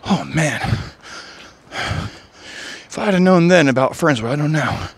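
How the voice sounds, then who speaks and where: A man's voice: on the high side, animated, a little slow, husky, no room sound. A man talking alone to camera in a rambling, reflective monologue, sighing often as he drifts between stories and feelings. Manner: musing, digressive, sighs often. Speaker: vlogger.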